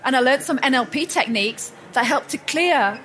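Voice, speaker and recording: Female motivational speaker, high register, chatty, keeps restarting her sentences. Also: lively intonation, moderate pace, a little hiss or hum. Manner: warm storytelling, frequent restarts and self-corrections. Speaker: speaker at a personal growth expo. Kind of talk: motivational talk to a live audience. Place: event hall with audience.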